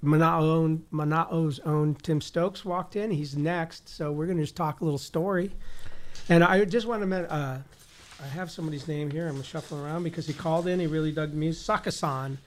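A man's voice: on the high side, fairly even intonation, normal speed. A man hosting a community radio show, chatting casually with easygoing, rambling asides into a studio microphone.

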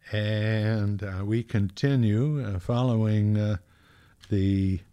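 Slow, rambling male radio host. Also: fairly low pitch, a little mellow. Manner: unhurried, rambling, many fillers. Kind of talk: casual radio presenting with sponsor reads. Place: radio studio.

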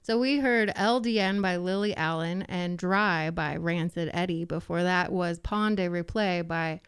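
A woman hosts a local radio show, chatty and teasing. Her voice is smooth and resonant. The studio sound is dry and close. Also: on the low side, measured pace, no echo. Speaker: radio host. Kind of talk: casual radio chat. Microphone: studio microphone.

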